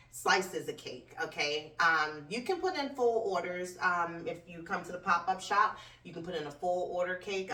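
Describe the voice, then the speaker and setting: A woman hosts her own live show in a blunt, profane comedic rant. She swings her voice up and down as she fires off complaints. She sits some way back from the mic, and the room gives her voice a roomy echo. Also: distant mic. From United States. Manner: blunt, swearing, animated swings in pitch. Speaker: host.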